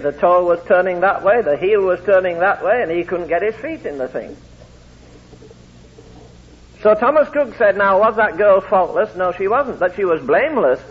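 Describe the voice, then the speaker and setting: A man preaching a sermon, telling anecdotes and acting out the quoted voices in his stories. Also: high-pitched. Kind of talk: sermon with storytelling. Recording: tinny phone-like lo-fi recording.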